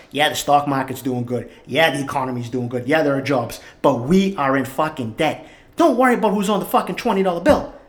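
A man, hosting a podcast in a profane, heated solo rant. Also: on the high side. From Boston, Massachusetts. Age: 40s. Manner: heated, swearing, worked up. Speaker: podcast host. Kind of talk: profane ranting monologue.

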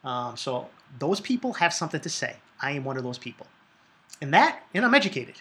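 A man's voice: mid-range voice, big pitch swings, brisk, bright, forceful tone. A man in his thirties with a Boston accent, hosting a podcast in a blunt, emphatic monologue full of swearing. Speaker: podcast host.

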